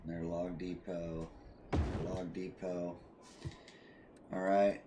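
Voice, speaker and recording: Lowish-voiced man casually streaming a game. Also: very slow, background noise. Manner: relaxed, thinks aloud and asks chat for ideas. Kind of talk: casual gameplay commentary.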